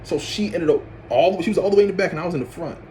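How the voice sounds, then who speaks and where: Young man, casual storytime vlogger, lively, acts out his reactions. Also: rapid-fire, slight background noise. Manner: animated storyteller, acts out his own reactions with loud high outbursts and laughs.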